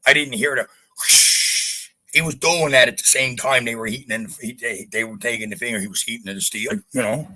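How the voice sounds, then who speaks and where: A man's voice: medium pitch, a little fast, low-quality recording. A man from Canada telling a gritty story in casual podcast chat, blunt and full of swearing. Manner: profane, blunt, animated retelling. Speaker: podcast guest.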